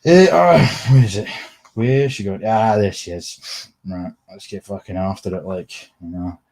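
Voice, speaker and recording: Husky Scottish man ranting. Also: fairly low pitch, a little slow, darkish tone. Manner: scornful, laughs often, swears a lot. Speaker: livestream commentator. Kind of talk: sweary casual rant.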